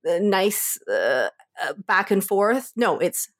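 A woman co-hosting a casual podcast chat, animated and slangy, swearing freely. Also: medium pitch, takes it slowly, no echo, clean studio sound. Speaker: podcast co-host.

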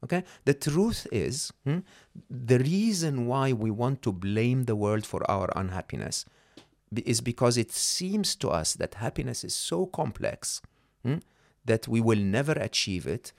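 Creaky, lively-voiced man. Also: medium pitch, unhurried. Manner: animated, checks in with tag questions like "hmm?" and "right?"; frequent restarts and repeated words. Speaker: podcast guest. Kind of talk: conversational interview.

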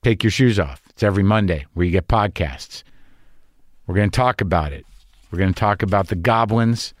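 Neurotic and profane, an older podcast host rambles through a comic monologue and casual talk. His lowish voice goes a little fast, recorded cleanly in a studio with no room sound.

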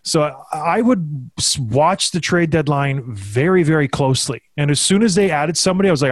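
Joking podcast host, slightly high man. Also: lively intonation, fairly quick, hardly any pauses, no room sound. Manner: joking, self-deprecating, plain-spoken. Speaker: podcast host, former hockey player. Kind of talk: casual podcast chat.

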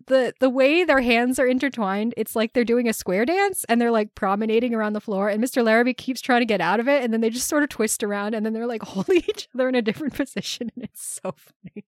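A woman co-hosting a podcast, retelling movie scenes in a casual, animated way and laughing often. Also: a little high, fast talker, no echo, studio quality. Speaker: podcast co-host. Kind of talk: casual film discussion.

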